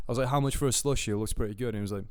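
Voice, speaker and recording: A young man with a medium-pitched voice speaks very fast while co-hosting a podcast, recorded dry in a clean studio. He tells a long, rambling travel anecdote, swearing and acting out the voices of the people he met in casual storytelling chat.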